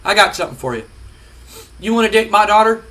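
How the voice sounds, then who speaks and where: A man's voice: fairly high pitch, a little fast, pushed and bright. A man doing an angry boss father. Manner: threatening, scolding. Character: furious boss father guarding his daughter.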